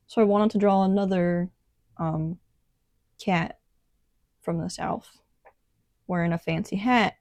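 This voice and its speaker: A young woman talks through her sketchbook in a relaxed, rambling way, filling gaps with "um" and "like". Her voice is mellow and warm, and she speaks slowly. The sound is dry and close, with no room echo. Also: mid-range voice. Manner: relaxed, rambling, many ums and likes. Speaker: artist vlogger. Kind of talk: casual sketchbook tour narration.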